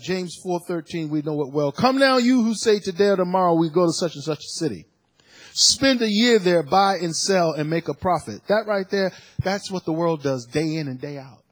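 Husky-voiced preacher with dramatic swings. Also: male voice, high voice, moderate pace, dry recording. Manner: dramatic, swings from soft to loud, repeats phrases for emphasis; preaching with call-and-response phrasing. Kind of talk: sermon.

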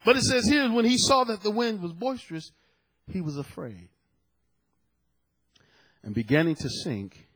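A man's voice: fairly high pitch, husky. A male preacher delivering a sermon, emphatic and dramatic, repeating key phrases for effect. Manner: dramatic storytelling with sudden loud peaks.

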